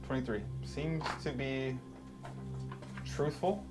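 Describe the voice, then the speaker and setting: A male dungeon master narrates the scene and calls for checks in an easy, unhurried way. His voice sits at a medium pitch. Clear background music runs under the live stream. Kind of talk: narrating a tabletop game.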